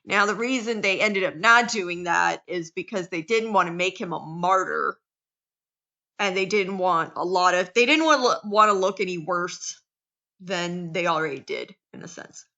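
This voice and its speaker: A woman's voice: on the low side, moderate pace, creaky, bright, forceful tone, muffled recording. An American woman teacher giving a casual classroom lecture, chatty and full of restarts. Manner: chatty, acts out quotes, many restarts.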